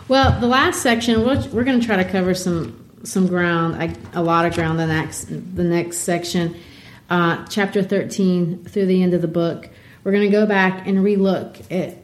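Woman, somewhat low voice, animated literary discussion, podcast co-host. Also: reverberant. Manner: animated, reads quotes with voices.

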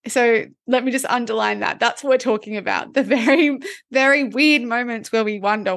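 A woman with a fairly high voice co-hosts a wellness podcast, working through her thoughts out loud. She peppers her talk with "like" and keeps the tone casual. The sound is dry and close. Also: normal speed, vocal fry, no echo. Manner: reflective, talks through ideas with frequent "like". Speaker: podcast co-host.

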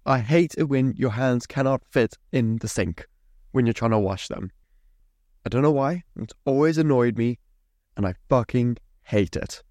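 A man's voice: mid-range voice, moderate pace, darkish tone, no room sound, studio quality. A young man hosting a podcast, ranting in a sweary, mock-indignant way. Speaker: podcast host. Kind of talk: solo podcast rant.

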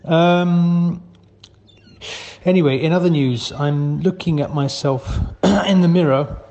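Slow, hesitant man. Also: fairly high pitch, dark tone, lo-fi sound. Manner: slow, hesitant, full of ums, matter-of-fact. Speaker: friend leaving voicemails. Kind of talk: comic voicemail sketch.

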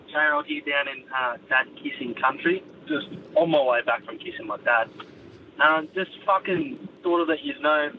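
A man's voice: a little high, narrow, tinny audio, slight background noise. Aussie man calling from his car. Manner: rambling, sweary. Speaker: caller. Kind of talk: phoned-in voice message. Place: driving in a vehicle.

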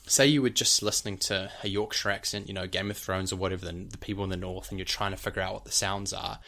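Teacherly New Zealand man, lowish voice. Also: steady tone, quick pace, vocal fry, sharp tone. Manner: explanatory, teacherly, demonstrates speech sounds. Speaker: podcast co-host explaining accents. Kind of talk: casual podcast chat.

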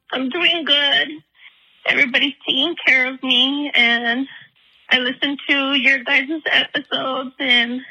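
High, bright-voiced tearful woman caller. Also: poor audio. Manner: halting, many fillers. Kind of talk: emotional voicemail. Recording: phone voicemail.

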